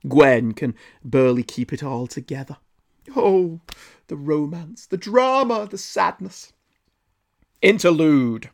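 A man's voice: mid-range voice, darkish tone. A man narrating a scripted comic book review with dry, sarcastic asides.

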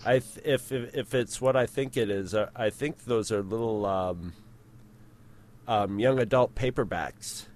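A man's voice: lowish voice, a little slow, a little mellow. A man co-hosting a podcast, casually reading listener feedback aloud and rambling through his own asides. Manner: rambling, self-correcting. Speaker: podcast co-host.

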